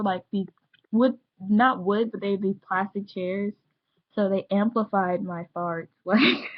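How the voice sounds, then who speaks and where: A woman's voice: medium pitch, lo-fi sound. A young woman telling a story in a casual vlog, bubbly and rambling, jumping into the voices of the people she quotes. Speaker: vlogger.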